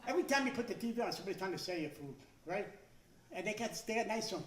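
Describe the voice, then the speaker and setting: A man in his sixties doing a stand-up comedy routine, talking loudly with stammering restarts and shouted punchlines. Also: high voice, lively intonation, racing. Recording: echoey room, voice from some distance.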